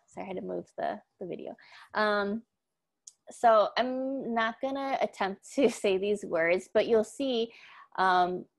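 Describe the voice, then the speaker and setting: A young woman giving a casual class presentation, talking loosely with frequent ums and upbeat asides. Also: fairly low pitch. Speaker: student presenter.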